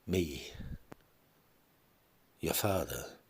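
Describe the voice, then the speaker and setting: A man's voice: a bass voice, drawn-out words, slight background noise, full character voice. A man voicing a distraught middle-aged wife whose husband is leaving her, pleading and often breathless and whispered. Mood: shaken.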